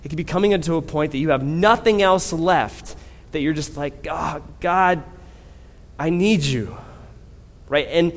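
A man preaching a sermon in a conversational way, often checking in with "right?", growing louder and slower on key points. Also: on the high side. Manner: swells louder and slower when stressing points. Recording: long hall reverb.

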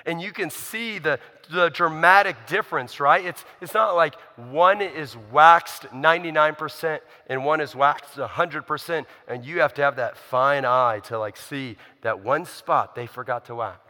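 A man's voice: fairly high pitch, a little slow, hardly any pauses, sharp tone, in a large hall. A man preaching a sermon in a conversational, emphatic way, asking the listeners rhetorical questions. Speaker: pastor.

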